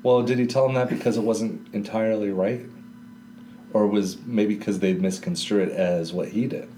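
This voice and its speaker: Low-voiced guy talking through bible verses in a library, relaxed tone, faint hiss. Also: normal speed. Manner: conversational, explains with everyday examples. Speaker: co-host discussing scripture. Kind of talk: casual Bible study chat.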